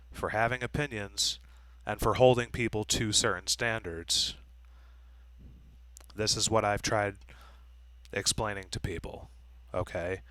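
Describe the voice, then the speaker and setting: A man's voice: fairly low pitch, sharp tone, clean tone, dry recording, poor audio. A man talking straight to camera in a blunt, profane, lecturing monologue. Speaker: vlogger.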